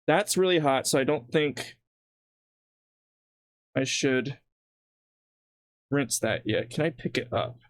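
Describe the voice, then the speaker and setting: A man's voice: mid-range voice, expressive, slow pace, long pauses, no room sound. A man livestreaming while he cooks at home, rambling casually and laughing at his own jokes. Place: home kitchen.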